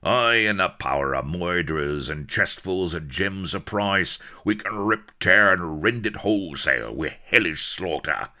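A man voicing a bellowing, brutish male pirate captain in rough old dialect. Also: low-pitched, lively intonation, a little slow, few pauses, pushed and bright, pitched above the performer's own voice, exaggerated voice. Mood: bloodthirsty roar.

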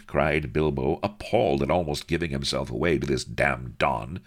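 A man's voice: very deep voice, lively intonation, moderate pace, vocal fry, fairly bright tone, slightly rough. A man reading a story aloud with playful, theatrical storytelling. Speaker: audiobook narrator. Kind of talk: scripted narration.

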